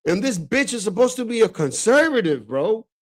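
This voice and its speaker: Very animated and pitched high, this Dominican host talks at a moderate pace while streaming. His reactions to clips come as relaxed, profane banter full of "bro" and frequent laughs.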